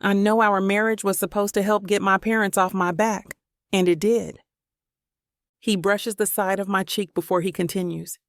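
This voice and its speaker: A woman narrator voicing a tender, apologetic young husband in an audiobook, speaking softly and sincerely. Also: mid-range voice, fairly even intonation, normal speed, no echo, studio quality, lightly acted. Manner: soft, sincere, pleading. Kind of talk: audiobook character voice.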